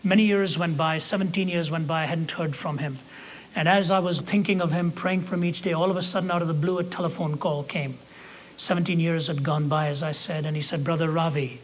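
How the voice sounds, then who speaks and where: A man's voice: fairly high pitch, fairly even intonation, slight background noise. Earnest older male preacher telling a story. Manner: measured, earnest storyteller, slows for emphasis. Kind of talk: sermon storytelling.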